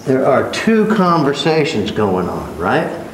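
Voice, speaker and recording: A man's voice: mid-range voice, big pitch swings, slow pace. A man teaching a church Bible class, conversational and joking, repeating words for emphasis. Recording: roomy echo, faint background hiss.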